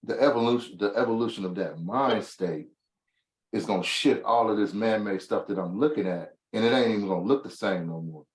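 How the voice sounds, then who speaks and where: A man's voice: on the low side, a little fast. A man hosting a motivational talk, speaking thoughtfully and casually, often searching for his words. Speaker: host. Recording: roomy echo.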